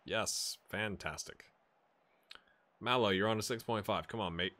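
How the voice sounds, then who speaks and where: A man giving casual, amused commentary while playing a football management game, getting excited during the action. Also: lowish voice, measured pace. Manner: chatty, amused, jumps to excited play-by-play. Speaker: gaming YouTuber. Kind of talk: casual let's-play commentary.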